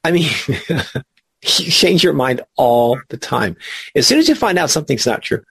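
A man leading a spiritual study class, explaining ideas in an animated way, laughing and asking questions. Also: a little high, measured pace, creaky, husky, no echo. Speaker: spiritual teacher.

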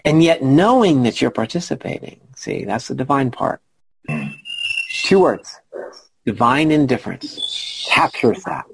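A man's voice: mid-range voice, very animated, unhurried, creaky, long pauses, husky, rough recording. A man leading a spiritual discussion group over a video call, encouraging and playful in how he draws people out. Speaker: group facilitator.

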